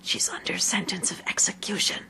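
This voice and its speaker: A woman voicing a timid, anxious male rabbit who talks in a hushed, hurried way. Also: high voice, huge pitch swings, slight background noise, voice pushed up. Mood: nervous. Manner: hushed, hurried, nervous whispering.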